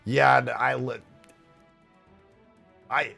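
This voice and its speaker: A young man streaming his modding work, excitable and profane, with a strained, tired voice. His tone is gravelly with lots of vocal fry, and his pitch leaps up and down as he reacts. Soft music plays faintly underneath. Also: normal speed. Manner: excitable, swearing, laughing between lines. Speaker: streamer and game modder. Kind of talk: live stream, reading tips from chat.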